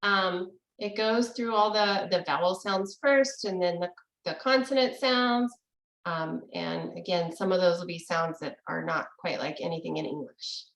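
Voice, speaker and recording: A woman's voice: fairly low pitch, a little slow, gravelly, a bit bright. Chatty woman teaching over an echoey call. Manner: explanatory, chatty, laughs easily. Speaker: language teacher. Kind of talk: casual online language lesson. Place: room with echo, video call. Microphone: video call.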